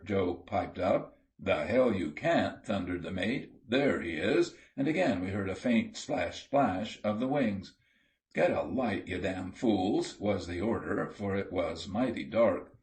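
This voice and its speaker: A man reading an audiobook sea story aloud in a steady, measured storytelling manner. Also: sits low. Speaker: audiobook reader. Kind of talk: scripted narration.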